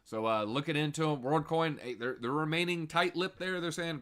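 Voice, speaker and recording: A male livestream host with a bright, forward tone. He talks to his viewers in a casual, animated and jokey way, recorded on a desk mic at home. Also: medium pitch, normal speed, few pauses, smooth.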